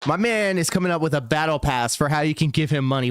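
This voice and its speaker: A man's voice: fairly high pitch, animated, quick pace, hardly any pauses, over music, a crowd in the background. A man hosting a livestream, reacting to videos with crude, mocking, sarcastic commentary.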